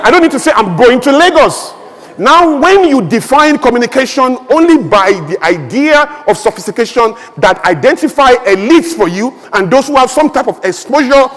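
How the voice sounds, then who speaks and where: A man with a notably high voice delivers a fiery conference speech. He talks in an emphatic, rhetorical way with humorous asides. The sound rings out with the long reverb of a big hall. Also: a bit bright. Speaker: conference speaker. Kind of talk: impassioned public speech. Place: large event hall.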